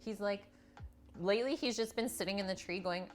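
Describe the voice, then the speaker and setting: Woman doing a cooking stream at home, talks to chat a lot, says "like" constantly, bit of music playing softly. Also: medium pitch, brisk. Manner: chatty, reads viewer comments aloud, frequent "like". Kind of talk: live cooking demonstration with chat replies.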